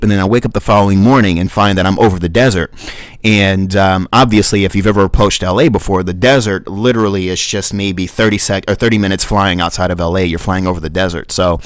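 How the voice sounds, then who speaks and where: Brief: man, lowish voice, relaxed storyteller and livestream host, dry recording. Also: a little fast, no room sound. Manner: relaxed storytelling with fillers and chuckles. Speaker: livestream host and flight sim reviewer. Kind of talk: reading his own story, then casual chat.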